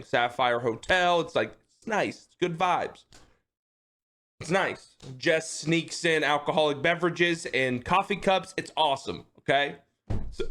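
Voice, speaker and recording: A man livestreaming, telling a long funny story to his chat in a casual, profane way, laughing often and tacking "okay?" onto his sentences. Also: mid-range voice. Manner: animated, profane, keeps checking in with "okay?".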